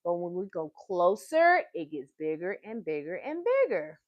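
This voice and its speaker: On a live stream, a woman with a lowish, sing-song voice reads a picture book to young children, going slowly and asking them questions as she goes. She's close to the device, and the recording sounds muffled, with a little background noise.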